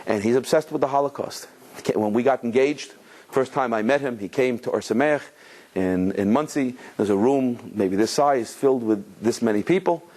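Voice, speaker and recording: A man's voice: medium pitch, normal speed, a little mellow. A man, a rabbi, giving a storytelling Torah lecture, mixing in Hebrew and Yiddish terms and often restarting his phrases. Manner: storytelling with many restarts and quoted voices.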